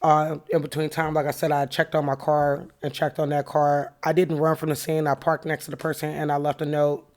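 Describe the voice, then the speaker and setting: A woman's voice: low voice, flat delivery, fairly quick, hardly any pauses, a little mellow. A woman hosting a podcast, candidly retelling a heated run-in and reflecting on what it taught her. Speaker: podcast host. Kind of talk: casual personal storytelling with a lesson.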